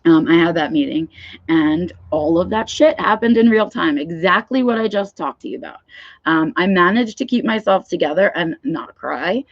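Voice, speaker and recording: A woman's voice: on the low side, animated, moderate pace, no echo, dull audio. A woman talking frankly in a live vlog, swearing freely and often checking in with "right?". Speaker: vlogger. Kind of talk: candid livestream talk.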